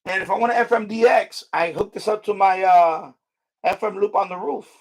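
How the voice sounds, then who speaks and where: A man with a fairly high, gravelly voice hosts a casual live stream, chatting as he works. His tone is husky and a little rough. He rambles, repeats himself, and swears at his gear. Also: steady tone, normal speed. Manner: rambling, frustrated asides and mild swearing; repeats himself and restarts sentences.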